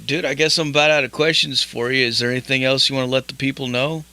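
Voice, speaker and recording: Brash, bright-voiced male radio host. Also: mid-range voice, fairly even intonation, fast, dry recording. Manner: laid-back, swears freely, laughs often. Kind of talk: casual radio interview chat.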